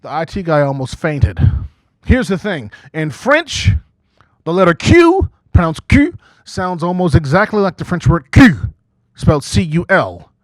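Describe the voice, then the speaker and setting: Male stand-up emcee over forty, slightly high voice, chatty crowd-work delivery with "okay?" tags, dry close sound. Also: sing-song, unhurried, no room sound. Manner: conversational, frequent "okay?" asides, acts out quoted voices. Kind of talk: stand-up comedy set. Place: small community TV studio stage before a live audience.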